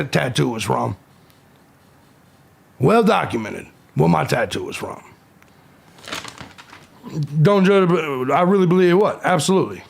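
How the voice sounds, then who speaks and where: A man's voice: sits high, creaky. A man in his forties hosting a live stream, reading viewers' comments aloud and firing back at trolls in a combative, profane way. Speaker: livestream host.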